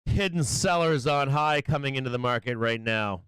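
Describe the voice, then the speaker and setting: A man hosting a live stock market stream, giving brash, excitable trader banter as prices move. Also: medium pitch, moderate pace, clear, resonant tone, dry recording. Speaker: stock market livestream host.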